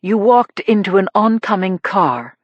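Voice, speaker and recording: A woman voicing a young male emergency doctor who speaks low and steady. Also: measured pace, no room sound, dull audio. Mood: reassuring.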